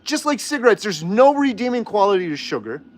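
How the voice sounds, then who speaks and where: A man's voice: high-pitched, very animated, fairly quick. A man hosting a livestream, arguing heatedly and firing off rhetorical questions while reading viewer comments. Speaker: host. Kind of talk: livestream chat and rant.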